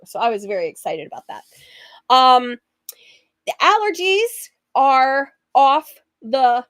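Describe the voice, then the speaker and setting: A woman hosting a sewing livestream, chatty and rambling, her voice husky from allergies. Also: a little high, dry recording, clean studio sound. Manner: rambling, chatty, laughs often.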